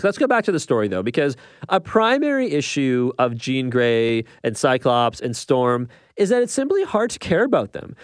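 A man's voice: a little high, dry recording, clean studio sound. A man giving an opinionated movie review, emphatic and exasperated, often checking in with tag questions.

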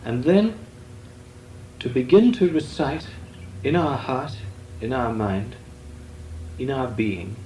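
An older man teaches meditation in a slow, deliberate voice, his pitch rising and falling expressively. The recording is roomy and echoey, with a faint hiss beneath it. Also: a little mellow. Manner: measured, deliberate, with long pauses. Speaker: Benedictine monk teaching meditation. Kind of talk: slow meditative spiritual talk. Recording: echoey room with faint noise.

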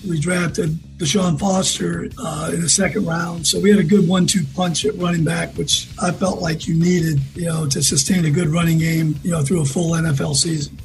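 Brief: male head coach, gravelly, flat, matter-of-fact. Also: fairly high pitch, moderate pace, few pauses, faint music behind, low-quality recording. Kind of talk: interview.

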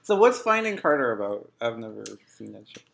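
A man's voice: mid-range voice, sing-song, fairly quick, vocal fry, fairly bright tone, a little hiss or hum. A man hosting a podcast, asking questions in a joking, teasing way. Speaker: podcast host. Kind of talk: casual podcast chat.

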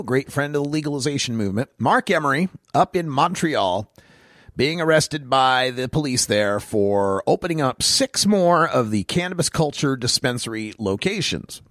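The host of a cannabis politics rant show delivers an opinionated solo rant, his passion rising emphatically. His mid-range voice is expressive and fairly bright at a moderate pace, recorded in studio quality with no echo.

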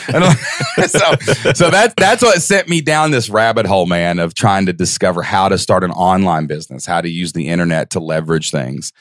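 A man guest on a podcast, telling his story in an excited, animated way, with big jumps in pitch when he acts out what people said. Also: no room sound, clean studio sound.

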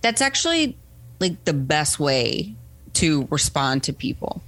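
A woman's voice: low voice, unhurried. A woman guest telling a story in a casual interview, acting out the voices of people she quotes and often asking "right?". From United States. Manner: animated, acts out quoted voices, frequent "right?". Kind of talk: conversational storytelling.

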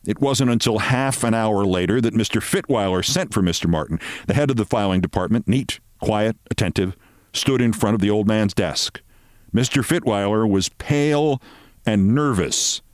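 A man hosting a show, reading a story aloud in a measured, expressive way. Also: lowish voice, dry recording, studio quality. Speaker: host.

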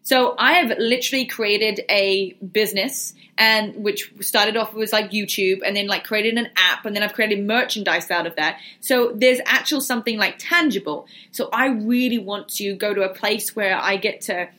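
A woman's voice: mid-range voice, normal speed, few pauses, sharp tone. A young woman vlogger chatting casually and answering viewer questions in a livestream Q&A. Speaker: fitness and business vlogger.

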